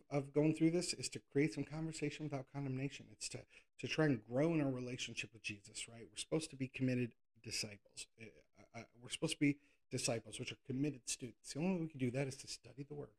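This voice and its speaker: A man's voice: medium pitch, fast talker, darkish tone. A man preaching a casual sermon, reading scripture and talking conversationally, sometimes doing playful whiny voices. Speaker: pastor.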